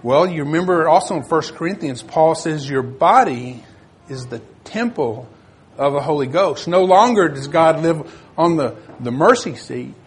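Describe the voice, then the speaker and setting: An older man giving a sermon in a plain, conversational way, reading scripture aloud and pausing to find his verses. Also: fairly high pitch, lively intonation, breathy edge. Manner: searches for verses, self-correcting. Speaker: preacher.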